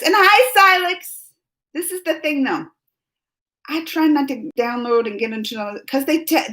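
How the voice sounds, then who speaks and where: A woman's voice: high voice, bright, forceful tone, poor audio. A woman in her thirties, hosting a live stream, chatting casually and laughing often as she reads comments. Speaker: live stream host reading chat.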